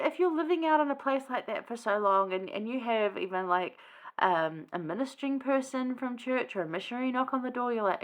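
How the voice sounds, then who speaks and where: A woman's voice: on the high side, expressive, fairly quick. A woman hosting a casual scripture study, chatty and rambling, with many fillers and asides.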